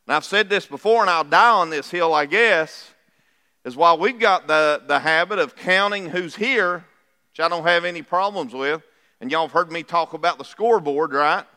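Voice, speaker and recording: A middle-aged pastor preaches in a folksy, conversational way, checking in with his congregation as he goes. His voice sits high and bright for a man. The sound carries a long reverberant tail from the church hall. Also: normal speed. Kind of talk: sermon. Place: church sanctuary.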